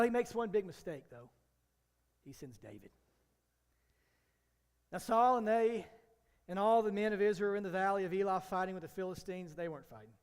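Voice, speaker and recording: A pastor with a high-pitched voice delivers an animated sermon, taking on the voices of biblical characters as he recounts the story. A long hall reverb surrounds his ringing voice.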